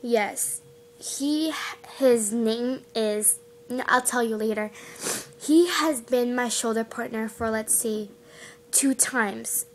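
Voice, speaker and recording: Chatty girl vlogger, quick giggles. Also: on the high side, slight background noise. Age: young girl. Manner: chatty, giggly, rambling with restarts. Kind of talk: casual chat to camera.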